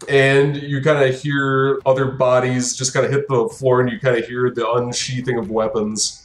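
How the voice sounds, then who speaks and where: A man's voice: mid-range voice, flat delivery, moderate pace, few pauses, reverberant. A man narrating as game master in a tabletop game, casual and loose with fillers.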